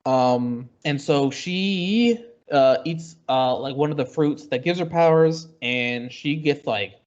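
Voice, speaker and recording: A man's voice: on the high side, slow, a little mellow. Man, podcast co-host, casual rambling recap, lots of fillers, dull lo-fi sound. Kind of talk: casual chat.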